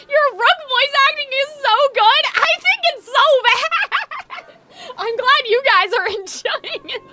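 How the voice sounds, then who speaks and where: A woman streaming a game, chatting and giggling with her viewers in quick asides. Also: extremely high pitch, animated, pushed and bright. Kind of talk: live game stream commentary.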